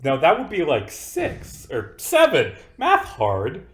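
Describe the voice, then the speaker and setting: A man running a tabletop game as dungeon master, rambling and poking fun at himself. His voice sits a little high for a man. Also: wildly swooping pitch, a little slow. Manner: rambling, self-deprecating.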